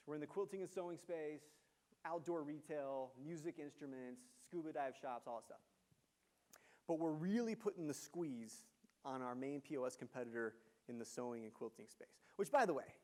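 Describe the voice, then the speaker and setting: A man giving a university lecture, telling business stories in an animated way and quizzing the audience. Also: a little high. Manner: animated storyteller, engages audience with questions. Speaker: guest lecturer, entrepreneur. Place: lecture hall.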